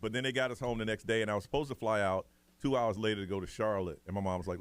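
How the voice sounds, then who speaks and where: A man's voice: fairly low pitch, rapid-fire, clear, resonant tone. A man hosting morning radio, telling a story in a casual way and acting out the people in it. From United States. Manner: animated, acts out other people's voices in his stories. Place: radio studio.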